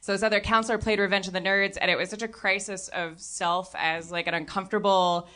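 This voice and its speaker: A woman's voice: medium pitch, steady tone, brisk, sharp tone. A woman in casual chat, telling a self-deprecating story with lots of hesitant fillers.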